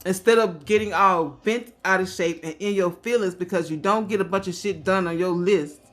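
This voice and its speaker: A woman in her fifties telling a casual story to camera, chatty and quick to laugh. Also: fairly low pitch. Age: 50s. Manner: chatty, laughs often, quotes others in animated voices. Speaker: vlogger.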